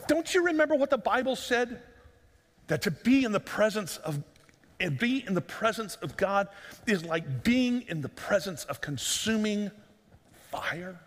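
A pastor with a very high, lively voice delivers an earnest sermon, pleading with his listeners and asking question after question. His voice carries a long reverb, as in a large church sanctuary. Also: a little slow. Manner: earnest, pleading, asks repeated rhetorical questions.

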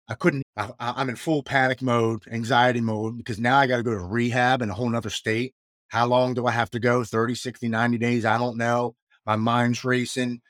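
Man in his 40s, low voice, dry close sound, earnest personal storyteller. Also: dry recording. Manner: earnest, emotional, matter-of-fact retelling. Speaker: guest telling his recovery story.

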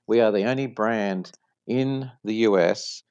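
A man's voice: lowish voice, unhurried, a little mellow, clear, resonant tone, no echo, highs cut off. A man with a non-American accent, a business guest explaining his company in an interview, telling stories with examples. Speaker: franchise executive guest.

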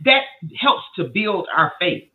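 A woman hosting a faith conversation over a remote call, encouraging and animated. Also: medium pitch, slow. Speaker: host. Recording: tinny remote phone line.

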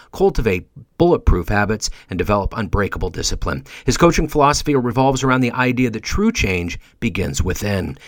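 A man's voice: mid-range voice, no room sound, studio quality. A man hosting an interview podcast, reading a short intro and then chatting in a friendly, agreeable way. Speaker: podcast host.

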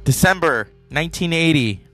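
A man's voice: fairly high pitch, expressive, normal speed, fairly bright tone, soft background music. Rambling male podcast host. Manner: rambling, chatty. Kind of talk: casual film commentary.

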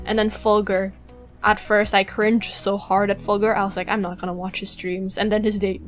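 A woman's voice: mid-range voice, little pitch movement, normal speed, faint music behind. Giggly young woman gushing as a fan. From Malaysia. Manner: giggly, gushing fan talk with frequent laughs. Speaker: podcast co-host. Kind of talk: casual chat.

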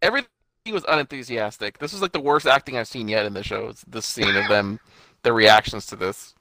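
A man's voice: lowish voice, fairly quick, sharp tone, no echo, poor audio. A young man in casual chat, making sardonic, offhand remarks and short quips of agreement. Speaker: co-host.

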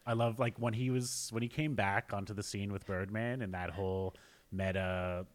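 A man's voice: fairly low pitch, steady tone, moderate pace. A young man co-hosting a casual chat, easygoing, often restarting his sentences and chuckling. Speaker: podcast co-host.

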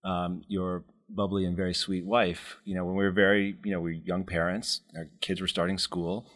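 A man in a casual chat, talking in a measured, thoughtful way and gently pushing back. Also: low voice, little pitch movement. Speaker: co-host.

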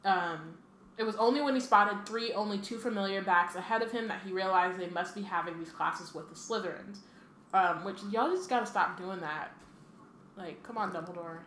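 A woman co-hosting a podcast with quick, chatty asides. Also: mid-range voice, fairly bright tone. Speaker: podcast co-host. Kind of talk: casual chat. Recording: echoey room with faint noise.

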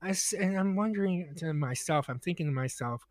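Man, high voice, animated storyteller, stammers and restarts, dry close sound. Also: fairly quick, dry recording. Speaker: podcast co-host telling a story. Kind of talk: casual storytelling chat.

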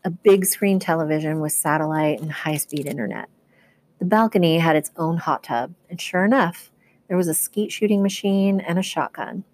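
A woman teacher reading a novel aloud to students, telling the first-person story at a steady pace. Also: fairly low pitch.

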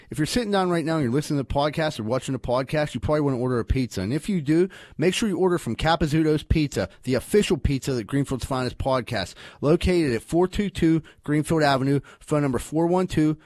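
A man's voice: a little high, a little mellow, dry recording. A man hosting a podcast, reading ads and telling loose, profane stories. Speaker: podcast host. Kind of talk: casual podcast chat and ad reads.

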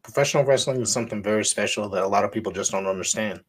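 Brief: male podcast host, lowish voice, supportive interjections. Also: rapid-fire, husky.

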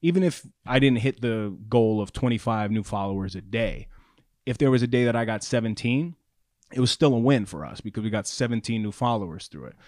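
A man co-hosting a podcast in casual chat, an animated storyteller who acts out the voices of people he quotes. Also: fairly low pitch, fairly quick, dry recording, studio quality. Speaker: podcast co-host.

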